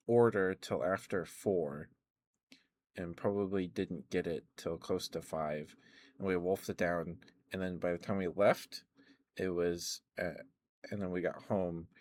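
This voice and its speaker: A tired, worn-out man rambling softly and chuckling often, chatting sleepily to his stream viewers up close to the mic. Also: deep voice, no echo. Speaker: ASMR streamer. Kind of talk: sleepy ASMR chat to live viewers.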